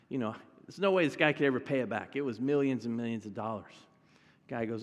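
Lockerer Prediger mit Hall. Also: male voice, medium pitch, quick pace. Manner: conversational, addresses the congregation directly. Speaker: pastor. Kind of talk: sermon.

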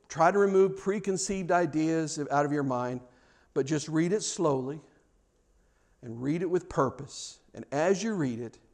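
A middle-aged pastor preaches a sermon in a slightly high voice, earnest and animated. He often repeats words as he restarts his sentences.

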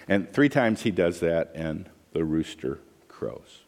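A man preaching a sermon as pastor, animated and humorous, acting out the voices he quotes. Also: low voice, measured pace, long reverb tail.

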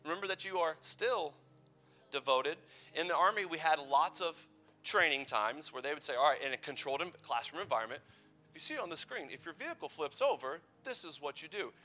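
A man's voice: fairly high pitch, expressive, fairly quick, pushed and bright, faint music behind. A man in his thirties giving a playful, conversational youth sermon full of personal stories. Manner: playful, conversational, teasing asides. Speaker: youth pastor.

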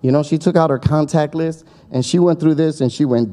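A man's voice: fairly high pitch, steady tone, a little fast, hardly any pauses, mellow. A man preaching a sermon, telling a story in a chatty way, acting out voices and often checking in with his listeners. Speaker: pastor.

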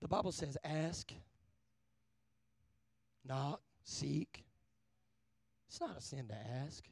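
A man preaching a sermon, asking the crowd for an amen, swinging from hushed to loud. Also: fairly high pitch, lively intonation, slow pace, vocal fry, dry recording. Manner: call-and-response, asking amen often; shifts between hushed and loud.

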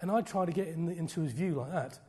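A middle-aged man preaches with a high, husky voice. He swings between loud, fiery declarations and soft, breathy near-whispers. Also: fast talker. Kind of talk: sermon.

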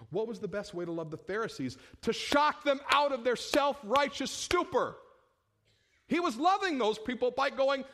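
A pastor preaching a sermon, full of rhetorical questions and swinging between loud bursts and hushed tones. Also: male voice, very high voice, animated, normal speed.

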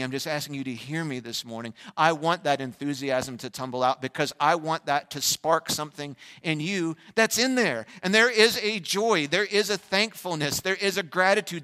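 A man preaching an energetic Easter sermon as pastor, shifting between loud fervent bursts and quiet, reflective asides. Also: on the high side. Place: large church sanctuary. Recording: long church hall reverb.

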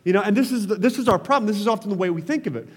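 A man's voice: sits high, animated, very fast, slightly rough, long reverb tail. A man preaching a sermon as pastor, passionate, calling on the congregation to respond.

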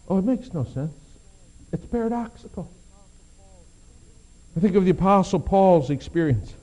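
A man preaching a sermon, shifting between hushed low passages and emphatic raised appeals. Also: highs cut off. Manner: dramatic, swings from hushed to emphatic. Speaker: pastor.

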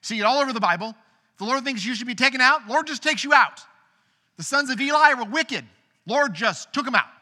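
A man in his thirties delivers a sermon in a high, strikingly bright voice. He tells his story earnestly, moving between hushed moments and emphatic pushes. The sound carries a long reverb from a large church hall. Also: animated, quick pace. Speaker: pastor.

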